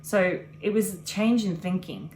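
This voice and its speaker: A woman's voice: mid-range voice, unhurried, a little mellow, a little hiss or hum. A woman in her thirties chatting casually on a vlog, earnest and reflective, talking in long run-on sentences. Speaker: vlogger. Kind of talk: casual chat.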